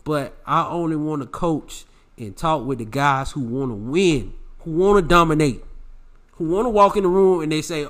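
A man's voice: fairly high pitch, normal speed, a bit bright. A young man hosting a podcast, talking in a brash, preachy, swaggering way full of slang. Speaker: podcast host. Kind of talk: preachy self-help podcast monologue.

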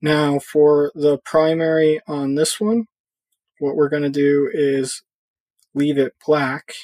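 Male tutorial presenter, slow and casual, slightly husky, dry close mic. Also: a little high, no echo. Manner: relaxed thinking aloud with fillers while clicking through software. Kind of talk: casual screen-recorded coding tutorial.

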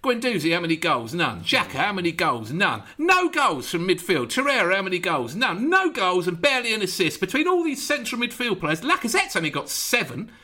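A podcast host rants about his team in a high, bright voice whose pitch swoops wildly all over the place. Talking briskly with few pauses, he fires off sarcastic rhetorical questions in a casual chat.

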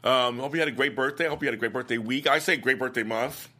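An older man hosting a soap opera after-show, recapping episodes in casual, animated chat and acting out characters' lines. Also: mid-range voice, fast. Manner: chatty, animated, laughs often, acts out lines. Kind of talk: casual recap chat reading viewer comments.

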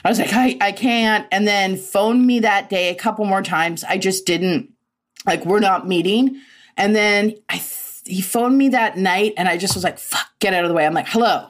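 A woman's voice: medium pitch, normal speed. Blunt, swearing woman telling a story. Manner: blunt, swears freely, laughs often. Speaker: podcast guest. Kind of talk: casual storytelling.

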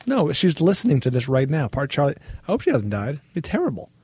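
A man co-hosting a film podcast, making quick upbeat quips in casual banter. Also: a little high, huge pitch swings, darkish tone, slightly rough, no echo. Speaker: podcast co-host.

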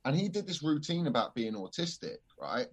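A man's voice: on the high side, sing-song, fairly quick, slightly rough. A man, a stand-up comedian telling a gig story in casual podcast chat, swearing freely and laughing often.

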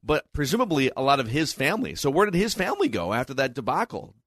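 A man's voice: mid-range voice, big pitch swings, fairly bright tone, no echo, studio quality. Incredulous man on a movie podcast. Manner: incredulous, rapid-fire questions. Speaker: podcast co-host. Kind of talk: casual movie review chat.

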